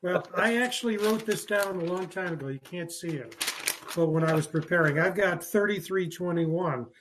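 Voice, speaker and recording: A man's voice: sits high, normal speed, background noise. A man hosting a sports talk show, chatting in a rambling, jokey way with many fillers and restarts. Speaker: podcast host.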